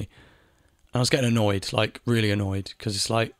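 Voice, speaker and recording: A man's voice: mid-range voice, level tone, measured pace, long pauses, no echo, studio quality. A man talking in a casual monologue, ranting, repeating phrases and swearing now and then. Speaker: video essayist. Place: home in Spain.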